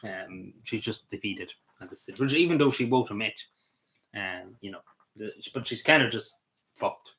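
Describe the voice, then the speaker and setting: A man's voice: fairly low pitch, moderate pace, pushed and bright, breathy edge. A man with an Irish accent giving casual, meandering commentary as a vlogger, swearing freely and padding his talk with fillers.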